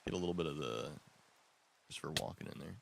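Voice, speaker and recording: A man's voice: a bass voice, quick pace, creaky, background noise. A young man chatting casually while gaming, playful and joking, laughing often and slipping into silly voices. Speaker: gaming co-player.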